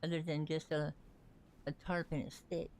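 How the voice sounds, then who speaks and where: Chatty streamer on a casual live gameplay stream, mid-pitched voice, rambles a lot. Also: flat delivery, moderate pace, darkish tone. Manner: rambling, chatty, talks to characters in the game and to viewers. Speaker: livestreamer.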